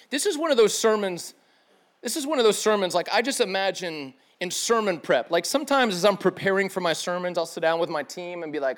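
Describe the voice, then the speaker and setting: A man's voice: high-pitched, expressive, fairly quick. A man preaching a sermon in a casual, slangy way, acting out the people he quotes. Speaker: pastor.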